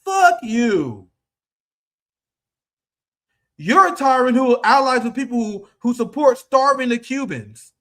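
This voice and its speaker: Brief: man, 30s, very high voice, profane combative streamer rant, loud bursts and quiet asides. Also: big pitch swings. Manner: quick swings between loud outbursts and low asides. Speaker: political streamer. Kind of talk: heated political commentary.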